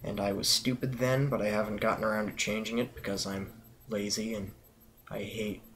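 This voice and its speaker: A teenage guy hosting a casual vlog from his bedroom, rambling and joking at his own expense, with long drawn-out pauses. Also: fairly low pitch, little pitch movement, fairly bright tone, slight background noise. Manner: rambling, jokey, self-deprecating, with drawn-out pauses. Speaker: vlog host.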